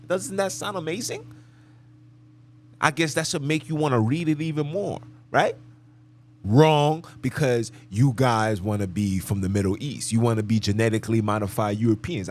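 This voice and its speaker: A man's voice: medium pitch, a little hiss or hum. Man preaching on a podcast. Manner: emphatic and preachy, repeats phrases. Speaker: podcast host. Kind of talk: live podcast monologue.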